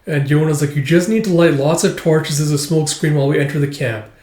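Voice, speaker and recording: A man's voice: fairly high pitch, fairly quick, darkish tone, reverberant. A man recapping a manga volume in a rambling, casual way, full of fillers. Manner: rambling, filler-heavy retelling. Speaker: manga reviewer.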